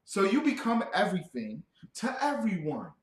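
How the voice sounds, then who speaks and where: A man giving a loud, joking scripture lesson who quizzes his listeners. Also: high-pitched, wildly swooping pitch, moderate pace, roomy sound. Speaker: scripture teacher. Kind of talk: animated scripture breakdown.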